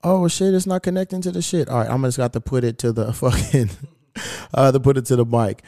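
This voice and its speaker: Brisk and warm, this man's medium-pitched voice carries his podcast story as he curses freely and reads texts aloud, clearly amused, in casual chat. The sound is clean studio quality with no room sound.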